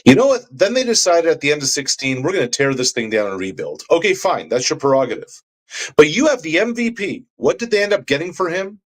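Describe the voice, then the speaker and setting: Man, sports radio co-host, passionate ranter, mid-range voice. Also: mid-range voice. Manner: passionate, building rants with rhetorical questions.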